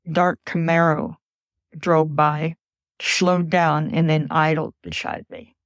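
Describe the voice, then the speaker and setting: A woman earnestly recounting a frightening personal memory as a podcast guest, in a measured storytelling voice. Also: sits low, no room sound.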